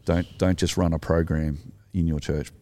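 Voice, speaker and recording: With a very deep, warm voice and a steady tone at normal speed, this Australian man shares a story conversationally. He's an Anglican minister co-hosting, and he sounds earnest and reflective.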